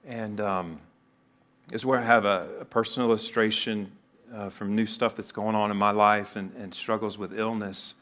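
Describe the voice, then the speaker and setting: A man with a fairly low voice preaching a sermon to his congregation. He talks in an earnest, conversational way, dropping into heartfelt spoken prayers. He sounds middle-aged. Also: fairly bright tone. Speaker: pastor.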